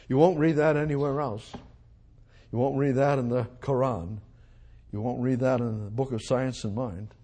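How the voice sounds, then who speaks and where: A man preaching an expository sermon, emphatic, repeating phrases and swinging from loud declarations to quiet asides. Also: mid-range voice, normal speed, husky.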